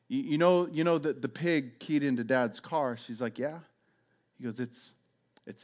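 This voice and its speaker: A man's voice: medium pitch, a little slow, pauses often. A middle-aged male pastor telling a story in a sermon, chatty and conversational, acting out the voices of the people in it. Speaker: pastor and police chaplain. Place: church.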